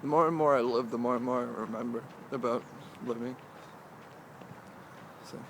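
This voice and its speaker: A young man in the middle of his voice range rambles to the camera while strolling outdoors. His talk is halting and loose, full of "like"s and half-finished thoughts, with a light wash of distant traffic behind him. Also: mid-range voice, fairly even intonation. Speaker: vlogger. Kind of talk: casual walking vlog monologue. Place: outdoors, walking through a cemetery.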